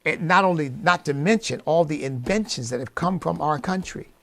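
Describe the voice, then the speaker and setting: A male radio host speaks into a studio mic in a gravelly, fairly high voice, giving an emphatic monologue at a normal speed. He sinks into quiet asides before rising to loud, preacherly peaks.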